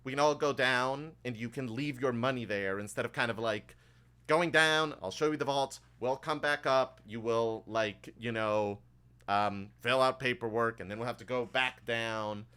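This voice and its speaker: A man voicing an eager young female elf bank clerk in a tabletop game, with chirpy, rushed sales patter full of fillers. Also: medium pitch, bright, forceful tone, smooth, lightly acted.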